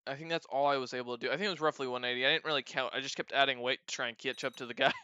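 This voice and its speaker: A man with a bright, tense voice and a smooth, crisp tone spins a rambling, profane story. He laughs often as he talks. The sound is dry and a bit dull, like a lo-fi desk mic. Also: medium pitch, fairly even intonation, very fast, no room sound. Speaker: streamer. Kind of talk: casual storytelling.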